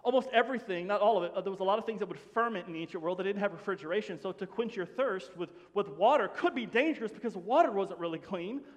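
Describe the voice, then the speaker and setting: A man preaching a sermon to his congregation in an animated, conversational way, often dropping to a hush. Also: high voice, fast, few pauses. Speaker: pastor. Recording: long hall reverb.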